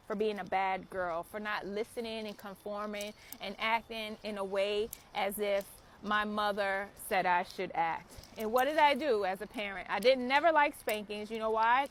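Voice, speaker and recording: A woman's voice: mid-range voice, fairly bright tone, a little hiss or hum. A woman delivering an impassioned spiritual message as a mother. She preaches with emphasis, swears freely and fires off rhetorical questions. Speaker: spiritual content creator and mother.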